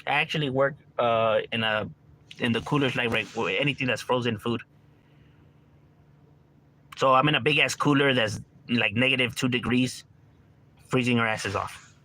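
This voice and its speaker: A man's voice: medium pitch, moderate pace, pauses often, pushed and bright. A man chatting casually on a livestream, rambling in slang, swearing freely and calling listeners bro and homie. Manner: swears freely, laughs often. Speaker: livestreamer reading chat.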